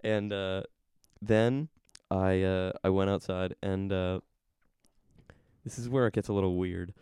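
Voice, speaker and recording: Young male co-host, low smooth voice, rambling self-amused storyteller. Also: fairly even intonation, measured pace, a little mellow, no room sound, clean studio sound. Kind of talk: casual chat.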